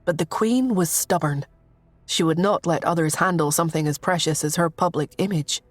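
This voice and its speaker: A woman reading a story aloud as narrator in a steady, measured way. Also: on the low side, no room sound. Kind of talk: scripted narration.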